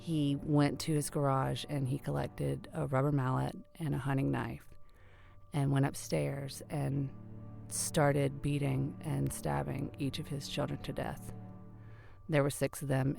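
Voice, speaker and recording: A middle-aged woman telling a personal story in a conversational, earnest way, sometimes hushed. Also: a bass voice, level tone, unhurried, gravelly, soft background music.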